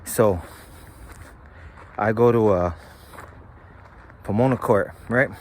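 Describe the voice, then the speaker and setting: A man from California's San Gabriel Valley tells a personal story in a laid-back monologue, with a fairly low voice and a slow pace. His delivery is loose and rambling, full of slang and profanity, with slight background noise.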